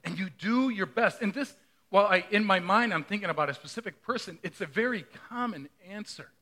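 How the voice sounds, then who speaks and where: Bright-voiced conversational male pastor. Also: high voice, a little fast. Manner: conversational, asks the congregation questions. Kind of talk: sermon.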